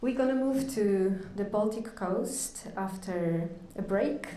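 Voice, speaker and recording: A woman moderates a conference in a slow, halting way, full of ums and uhs. She holds a handheld mic in a conference hall, and the room echoes a lot around her. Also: mid-range voice, mellow. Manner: halting, with many fillers. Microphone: handheld microphone.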